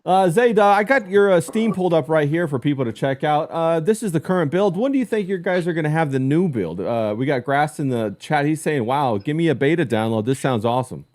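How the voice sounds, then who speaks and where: A man's voice: fairly high pitch, lively intonation, a little fast, few pauses, a little mellow. A man hosting a casual livestream podcast, laid-back and joking, reading out messages from the chat. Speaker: podcast host.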